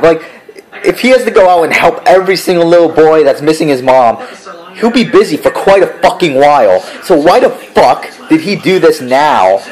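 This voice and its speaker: A man's voice: a little high, poor audio. A man giving a casual spoken review, ranting in an exasperated, profane way. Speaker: show reviewer.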